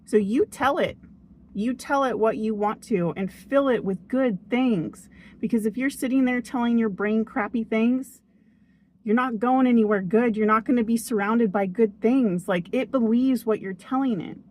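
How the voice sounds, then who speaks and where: A woman's voice: a little high, moderate pace, a little mellow. A young woman giving a motivational talk to camera, earnest and chatty, often checking in with "okay?". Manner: earnest and upbeat, chatty, frequent "okay?" and "oh my gosh". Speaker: vlogger. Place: outdoors near a tree.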